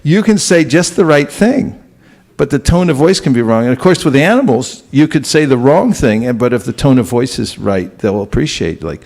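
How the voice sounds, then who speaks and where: A man's voice: mid-range voice, big pitch swings, normal speed, vocal fry, darkish tone. A man giving a spiritual lecture to a live audience, talking conversationally and often putting questions to the listeners. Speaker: spiritual teacher.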